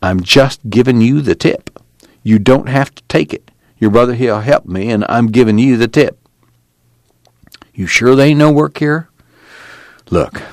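A man's voice: mid-range voice, no echo, pitched below the performer's own voice, lightly acted. A man voicing a weary, patient migrant worker man in a drawling, matter-of-fact rural manner.

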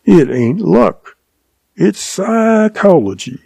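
A man voicing a shrewd, calm old cowboy with a drawl, patient and amused. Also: high voice, slow pace, vocal fry, no room sound, voice pushed up, heavily acted. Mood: sly calm. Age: older.

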